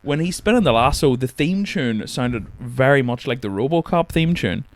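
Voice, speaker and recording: A man's voice: medium pitch, lively intonation, normal speed, no echo. A man swearing freely and laughing as he chats about films on a podcast. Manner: sweary, rambling, laughs often. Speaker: podcast co-host. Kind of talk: casual film chat.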